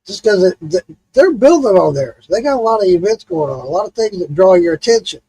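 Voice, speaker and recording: A man's voice: high voice, a little fast, slight background noise, rough recording. A man hosting a livestream, telling stories in a loose, casual chat and swearing freely. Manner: animated storytelling, swears freely. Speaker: livestream host.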